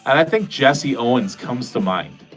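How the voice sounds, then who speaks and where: A man's voice: medium pitch, animated, unhurried, a bit bright, soft background music. A man livestreaming from his basement, chatting casually and answering viewer comments in a rambling, cursing, self-mocking way. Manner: rambling, profane, self-deprecating. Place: home basement.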